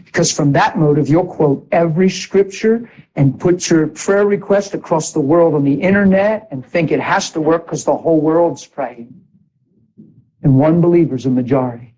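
A man preaching a sermon in an animated way, exhorting the congregation with asides. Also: on the high side, moderate pace, rough recording.

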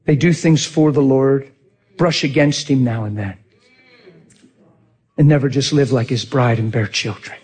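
A man's voice: mid-range voice, measured pace, pauses often. A man preaching a sermon, telling a personal story with lots of energy and acting out what people said. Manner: animated, acts out quotes, laughs often.

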